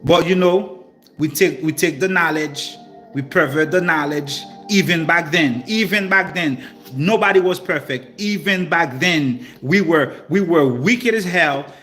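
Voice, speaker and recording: A man's voice: on the high side, unhurried, soft background music. A man reading scripture verses aloud and breaking in with playful slang commentary and repeated asides. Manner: repeats phrases, animated asides. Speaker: teacher. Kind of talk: informal scripture teaching.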